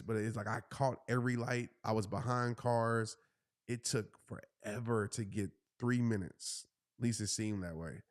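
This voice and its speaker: Guy in his 30s telling a story, lively, does high voices for the people he quotes. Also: no echo, studio quality. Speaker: host. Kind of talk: casual storytelling.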